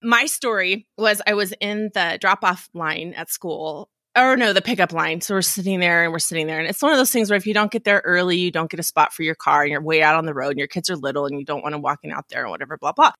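A woman's voice: lowish voice, fast, hardly any pauses, no echo, clean studio sound. A woman in her forties who hosts a podcast, laughing often and telling a story in casual chat. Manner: laughs often, tells stories in a warm chatty way. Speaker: podcast host.

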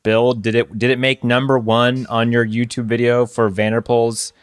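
A man's voice: medium pitch, flat delivery, moderate pace, clean tone. A man co-hosting a casual podcast chat, talking in a loose, rambling way with many fillers. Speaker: podcast co-host. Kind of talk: casual chat about cycling.

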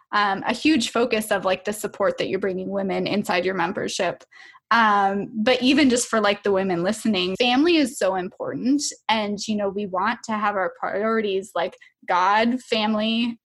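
A woman host with a slightly breathy voice, chatting casually with her guest. She sounds enthusiastic and laughs often. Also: mid-range voice. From Minnesota. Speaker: podcast host. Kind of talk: casual interview chat.

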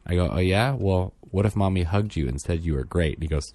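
A man with a fairly low voice tells a family story as a casual podcast co-host. His pitch swings widely as he acts out the voices in the story. The sound is dry and close. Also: a little fast, dry recording. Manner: animated, acts out quotes in higher and lower voices. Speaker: father.

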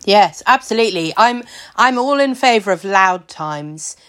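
A woman hosting a podcast interview, thoughtful and measured as she asks her questions. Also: mid-range voice, animated, fairly bright tone. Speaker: podcast host.

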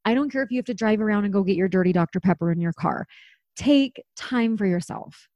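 A woman's voice: mid-range voice, lively intonation, brisk, darkish tone, no echo, muffled recording. Candid thirties woman host, chatty and unfiltered, mid-range voice, close and dry. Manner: candid, chatty, swears casually. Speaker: podcast host. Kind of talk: casual chat.

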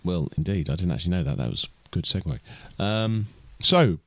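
With no room sound, a male podcast co-host speaks in a low, animated voice at a slightly fast pace. The chat is casual and chatty, and he rambles, leaning on fillers and frequent restarts.

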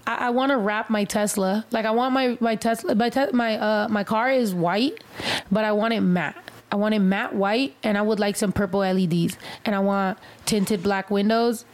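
A woman's voice: mid-range voice, steady tone, normal speed. Blunt, profane young woman. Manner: blunt, profane, mock-sulky. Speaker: live streamer. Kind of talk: casual bilingual family chat.

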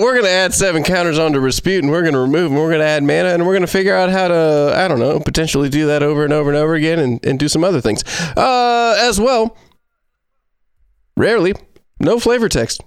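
A man's voice: a little high, lively intonation, brisk, smooth, dry recording, clean studio sound. A man hosting a casual card-game chat, talking in a loose, rambling, joking way. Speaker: podcast host.

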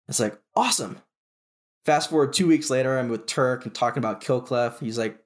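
Male military veteran guest, casual interview storytelling, animated retelling, frequent restarts and fillers, mid-pitched voice. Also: brisk.

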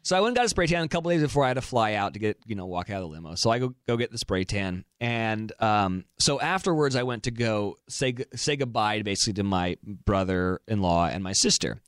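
A young man co-hosting a podcast, telling a funny story in casual chat with animated, laughing delivery. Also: fairly low pitch, fast talker, few pauses, smooth, no echo, clean studio sound. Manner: animated, laughing storyteller who acts out quotes. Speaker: podcast co-host.

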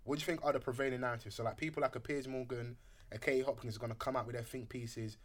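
A man hosting a casual discussion, talking quickly and loosely with lots of fillers. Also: medium pitch. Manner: fast, animated, filler-heavy talk.

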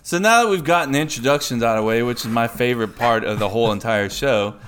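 A man's voice: medium pitch, quick pace, a bit bright, smooth. A man hosting a casual podcast, introducing guests in an upbeat, playful way. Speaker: podcast host. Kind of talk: casual chat.

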